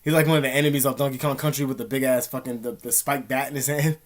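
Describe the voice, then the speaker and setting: A man's voice: mid-range voice, fairly even intonation, quick pace. A man ranting casually to camera in rambling, profane slang. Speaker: vlogger.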